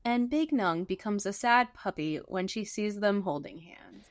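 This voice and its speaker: Expressive woman podcast co-host. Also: mid-range voice, measured pace. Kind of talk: casual recap chat.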